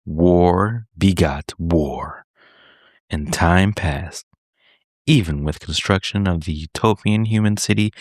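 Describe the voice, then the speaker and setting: A man hosting a gaming podcast in casual chat, laughing often and sometimes slowing into a deep storytelling delivery. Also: no room sound, clean studio sound. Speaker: podcast host. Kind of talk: casual podcast chat with dramatic read-aloud.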